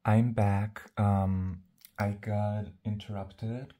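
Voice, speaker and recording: A man talks straight to the camera in a loose, rambling vlog, stopping and restarting his thoughts. His voice sits low and mellow. He sounds confident and sassy. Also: flat delivery, extremely slow. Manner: rambling, chatty, full of "like" and "um"; self-assured, sassy. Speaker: vlogger. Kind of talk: casual vlog monologue.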